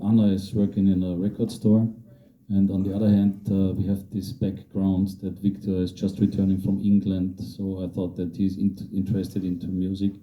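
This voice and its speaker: Deep, flat-voiced male filmmaker. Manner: hesitant, measured answers with fillers. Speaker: filmmaker answering audience questions. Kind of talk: post-screening Q&A.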